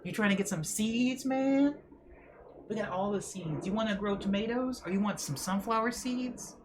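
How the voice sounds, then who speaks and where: Shady street seed dealer, pushy and hustling, pitched up high, as a streamer puts him on. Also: male voice, moderate pace, background noise, natural voice. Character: shady male seed dealer peddling from coat pockets.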